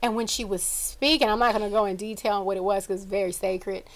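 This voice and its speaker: A woman with a young son, co-hosting a podcast and telling an emotional personal story in casual chat, her voice climbing high when she gets excited. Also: quick pace. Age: adult with a young son. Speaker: podcast co-host.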